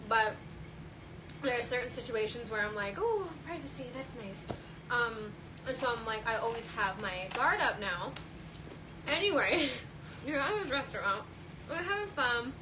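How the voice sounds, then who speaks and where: A woman's voice: fairly high pitch, normal speed, long pauses, noisy background. A young woman, an actress, chatting casually on a livestream, giggly and teasing. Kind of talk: casual chat.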